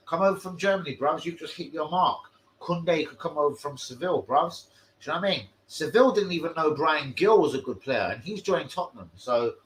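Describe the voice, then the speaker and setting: A young man hosting a football stream, swearing and bantering loudly in street slang. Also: fairly high pitch, a little hiss or hum, poor audio. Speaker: football fan channel host. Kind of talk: live stream chat.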